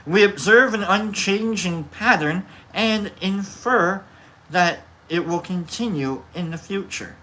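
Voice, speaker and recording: Slow, bright-voiced rambling teacher. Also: mid-range voice. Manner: rambling, stop-start, many fillers and self-corrections; laid-back and jokey. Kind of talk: casual philosophy lesson, reading from a book.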